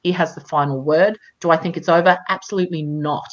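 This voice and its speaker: Woman guest on a live video call, low voice, dull lo-fi sound, measured and emphatic with many fillers. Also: fairly even intonation. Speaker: campaigner. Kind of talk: live chat interview.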